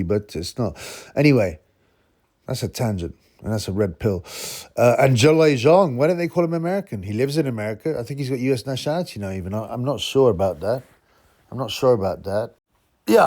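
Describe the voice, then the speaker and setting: A man's voice: medium pitch, mellow. A man hosting his own boxing channel, talking in a rambling, combative way with chuckling asides. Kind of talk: ranting commentary vlog.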